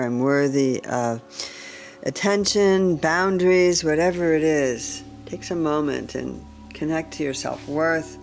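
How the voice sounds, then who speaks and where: A woman leading a guided chakra meditation in a calm, gentle way, often clearing her throat. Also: low voice. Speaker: meditation teacher.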